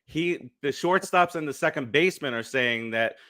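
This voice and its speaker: A male podcast co-host who runs the segments of a casual sports chat and swears freely. He gets defensive and mocks himself. His tone is bright and forceful, and the recording is dry and close. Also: fairly high pitch, lively intonation, normal speed, no echo.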